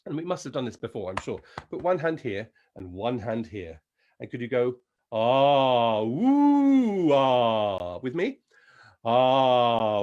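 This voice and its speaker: A man with an English accent leading an encouraging vocal warm-up lesson as a singing teacher. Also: medium pitch, slightly rough, lo-fi sound. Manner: encouraging, demonstrates sounds and sings.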